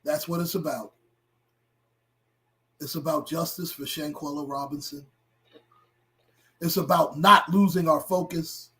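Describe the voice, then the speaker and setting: A middle-aged man hosting a livestream and talking to his chat, impassioned and blunt, with profanity that builds into shouting. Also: on the high side, steady tone, unhurried, pauses often. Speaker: livestream host.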